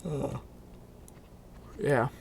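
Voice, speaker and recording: Male streamer, unhurried and rambling, mid-pitch, self-deprecating asides, faint keyboard clatter behind. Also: fairly even intonation, vocal fry, slight background noise. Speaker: game streamer. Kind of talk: casual gameplay commentary.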